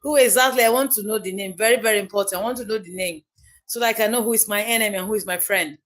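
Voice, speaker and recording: A woman's voice: mid-range voice, rapid-fire, a bit bright. A Nigerian woman hosting a casual livestream, chatty and emphatic, often repeating her key phrases. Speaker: livestream host.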